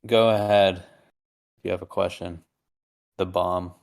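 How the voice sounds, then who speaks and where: Male moderator, very deep, smooth resonant voice, easygoing. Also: takes it slowly. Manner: relaxed, inviting others to speak. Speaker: call moderator. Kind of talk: casual chat on a voice call.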